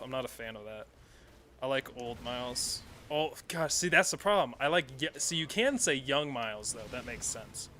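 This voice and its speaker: A man's voice: medium pitch, bright, forceful tone, a little hiss or hum. A man streaming a video game, chatting casually in a rambling, self-correcting way and swearing often. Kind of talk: casual live-stream commentary while playing.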